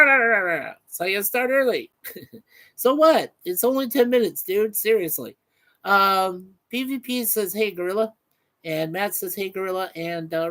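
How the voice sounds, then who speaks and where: A man's voice: high voice, rough recording. A man hosting a casual live stream, chatting loosely with many fillers and reading out viewer comments.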